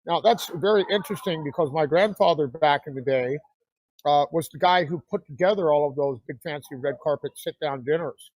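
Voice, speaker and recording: Man, talk show host, higher-pitched voice, dry recording, rambling promo chat. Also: a little fast, a little mellow, no echo, poor audio. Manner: rambling promotional, many fillers. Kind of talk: casual interview chat.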